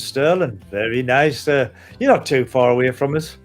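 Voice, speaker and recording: A man's voice: medium pitch, normal speed, faint music behind. A man from northeast England with a Newcastle accent, co-hosting a casual live stream, chatty and laughing often. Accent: Newcastle Geordie. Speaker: co-host.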